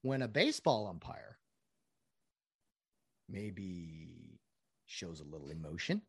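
A man riffs on sports officiating in a sarcastic, animated monologue, slipping into mocking impressions of other people. His pitch jumps around constantly. The recording is dry, with no room echo. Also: takes it slowly, creaky, pauses often, breathy edge. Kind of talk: casual opinion monologue.

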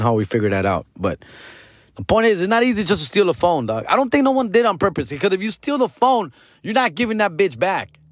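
A man's voice: fairly high pitch, dry recording, clean studio sound. A man, hosting and telling a rambling, profane story full of slang, slipping into Spanish. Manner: rambling, excited retelling. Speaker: podcast host. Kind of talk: casual storytelling.

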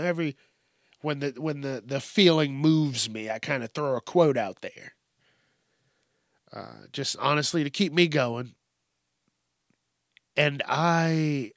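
A man's voice: fairly high pitch, fairly bright tone, no room sound, studio quality. A man hosting a podcast, giving rambling, profane, casual commentary on the news. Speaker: podcast host.

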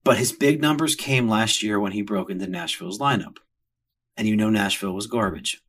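Brief: middle-aged man, podcast host, crude joking rants, husky and lowish voice. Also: brisk, fairly bright tone. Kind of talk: casual comedic rant.

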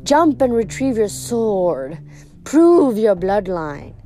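A woman voicing a cruel monstrous snake-woman mother, speaking slowly with a hissing, rasping edge. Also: mid-range voice, sing-song, mellow, faint music behind. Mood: taunting. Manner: slow, drawn-out taunting.

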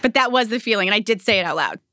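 A woman's voice: a little high, lively intonation, racing, sharp tone, no echo. A chatty woman in her forties, a guest in an interview, telling her stories loosely with lots of fillers. She acts out the people she quotes. The recording is dry and close. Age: 40s. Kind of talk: casual storytelling conversation.

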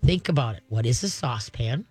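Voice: medium pitch, animated, brisk, darkish tone, breathy edge, faint music behind. An older radio host giving dog-training advice to callers in a casual, joking way, checking in often with "okay?". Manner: chatty, jokey, checks in with "okay?". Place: radio studio.

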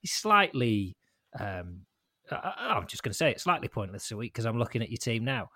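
A man co-hosting a podcast who talks with dry, deadpan humour. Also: medium pitch, fairly quick, no room sound. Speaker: podcast co-host. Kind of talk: casual chat.

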